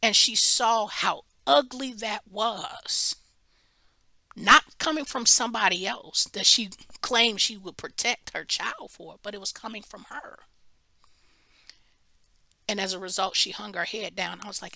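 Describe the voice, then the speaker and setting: Woman preaching at bible study, bright voice, lively storytelling, stumbles and restarts for emphasis, dry close sound. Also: medium pitch, moderate pace, creaky, no room sound. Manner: animated storytelling, acts out quoted voices.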